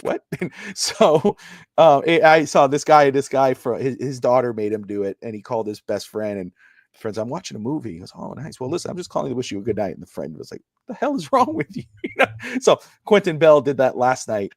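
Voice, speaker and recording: A man's voice: mid-range voice, dry recording. Male co-host, casual sports talk, rambling delivery, dry close mic. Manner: rambling, storytelling with repeated fillers. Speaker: podcast co-host. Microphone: live stream microphone.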